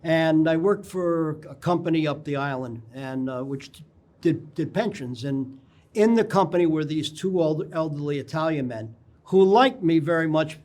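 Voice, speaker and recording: An older man, a guest on a local TV interview, telling anecdotes in a rambling way and often clearing his throat. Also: on the high side, normal speed, darkish tone. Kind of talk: casual interview storytelling. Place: local TV studio.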